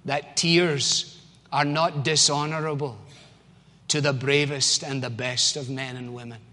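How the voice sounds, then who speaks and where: A man's voice: on the high side, fairly bright tone. A man with a Scottish accent preaching a sermon as pastor, in an emphatic, conversational way. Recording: long church hall reverb.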